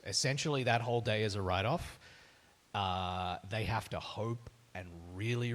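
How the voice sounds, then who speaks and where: An Australian man speaking as a voice actor on a live panel. He tells stories in a candid, self-deprecating way. His voice sits a little low.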